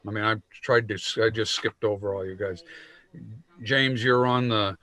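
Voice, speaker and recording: A man chairing a town meeting, speaking in a measured way with many fillers as he moves through the agenda. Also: lowish voice, fairly even intonation, bright, forceful tone, dry recording.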